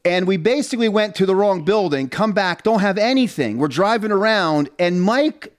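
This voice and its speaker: Joking guy rambling thru a story in his basement, voice kinda high. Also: animated, moderate pace. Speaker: podcast co-host. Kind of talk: casual chat. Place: home basement.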